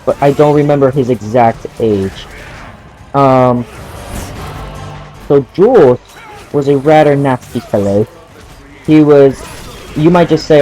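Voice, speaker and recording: A man's voice: medium pitch, measured pace, long pauses, warm tone, faint music behind, poor audio. A young man in casual gameplay commentary, telling a story while playing, laughing often and swearing at the game. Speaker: gaming channel host.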